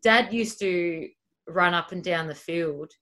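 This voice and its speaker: A woman chats on a podcast with a slightly low voice. She rambles through her stories at an easy, friendly pace. Her talk is relaxed and conversational. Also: slow. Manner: chatty, rambling storyteller. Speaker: podcast co-host. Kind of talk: casual chat.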